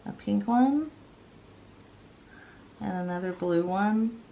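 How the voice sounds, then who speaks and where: Yawning and a little worn out, this woman in her thirties rambles through a casual planner-decorating vlog, full of ums and corrections of herself. Her voice is fairly low, gravelly, and somewhat mellow, with a bit of hiss or hum in the background.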